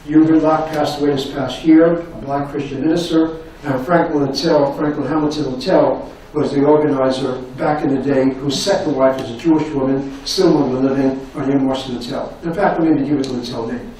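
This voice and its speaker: An older man giving a university lecture, telling stories in an animated way and repeating his phrases. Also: medium pitch, moderate pace, distant mic, a little hiss or hum. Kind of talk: anecdotal lecture storytelling. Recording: echoey room recorded from afar.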